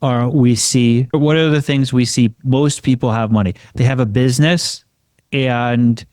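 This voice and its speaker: A man's voice: medium pitch, steady tone, unhurried, a little mellow, dry recording. A man co-hosting a finance podcast, talking confidently and often checking in with "right?". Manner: confident, tags questions with "right?". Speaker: podcast co-host, financial advisor. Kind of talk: casual explanatory talk.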